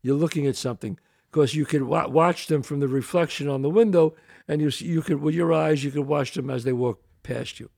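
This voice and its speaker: A man's voice: a little high, a little fast. An older man hosting a podcast, talking emphatically in casual chat. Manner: animated, emphatic, gravelly street-guy talk. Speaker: podcast host.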